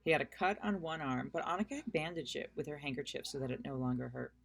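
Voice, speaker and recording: Woman reading a children's story, lower voice. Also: gravelly. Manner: unhurried, friendly storytelling with casual asides. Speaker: reader. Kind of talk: reading aloud a children's book.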